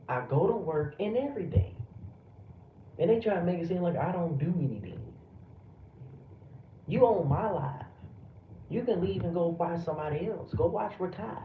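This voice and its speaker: With a high, animated voice at normal speed, this man from the United States pauses often while ranting angrily and profanely at his livestream chat. The sound is distant, roomy, dull, and lo-fi, with background noise.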